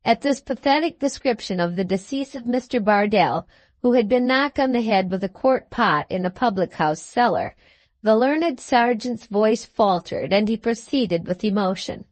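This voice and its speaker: A woman narrating a classic novel for an audiobook with measured, even storytelling. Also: a little high, no room sound. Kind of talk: scripted narration.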